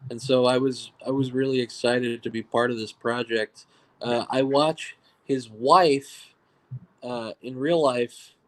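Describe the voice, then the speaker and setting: Brief: man from New York, guest director, chatty and teasing, mid-pitched everyday voice. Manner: joking, ball-busting, laughs at own stories. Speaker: guest filmmaker. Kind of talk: casual interview storytelling.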